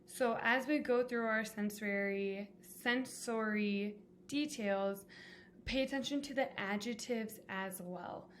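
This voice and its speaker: A woman's voice: a little high, slow, slight background noise. A woman teacher giving a classroom lesson, explaining patiently and step by step with examples.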